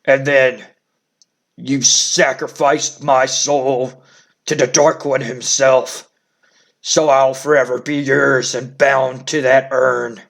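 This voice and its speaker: A man voicing a brooding, vengeful undead-style wrestler, speaking slowly and ominously. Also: mid-range voice, flat delivery, gravelly, a bit bright, pitched below the performer's own voice. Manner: slow, ominous, vengeful speech.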